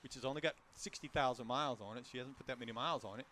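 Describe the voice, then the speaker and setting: A man's voice: mid-range voice, rapid-fire, pushed and bright, a little hiss or hum. A man co-hosting a car show, chatting casually and reeling off prices and specs. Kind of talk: casual outdoor chat.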